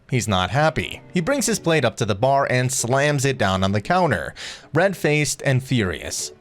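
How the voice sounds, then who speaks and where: A man reading a first-person story as scripted narration. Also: medium pitch. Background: faint music.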